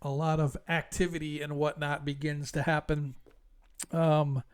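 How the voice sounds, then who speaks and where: A man acting as game master, slowly describing scenes for his players with frequent ums. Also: fairly high pitch, level tone, clean tone. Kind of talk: narrating a tabletop game.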